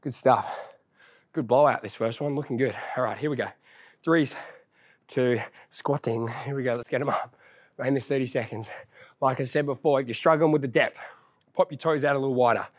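A man's voice: medium pitch, fairly even intonation, a little fast, long pauses. A young man leading a follow-along workout, encouraging and counting down reps while he exercises and gets out of breath. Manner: upbeat encouraging, counts reps down, casual banter. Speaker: fitness trainer.

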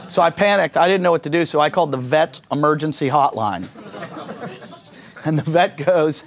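A man's voice: a little high, normal speed, background noise. Crude, wry male stand-up comedian. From United States. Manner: crude, self-mocking storytelling with acted-out quotes. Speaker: stand-up comedian and show host. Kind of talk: stand-up routine mixed with casual vlog tour.

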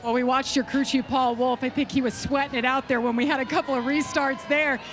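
A woman pit reporter projecting loudly over the noise as she asks questions in a post-race interview outdoors at a racetrack. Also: sits high, fairly even intonation, brisk.

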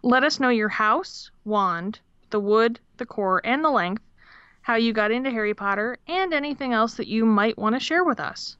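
A woman's voice: a little high, animated, moderate pace, a bit bright, clean tone, no room sound. A woman co-hosting a podcast in casual chat, laughing often and swearing casually as she reads a listener's story. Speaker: podcast co-host. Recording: dull, slightly lo-fi audio.

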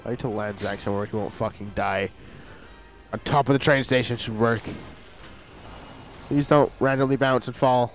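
A man's voice: medium pitch, fairly even intonation, moderate pace, gravelly, long pauses, faint music behind. A young man in casual gaming chat, dryly calling out plans as he plays.

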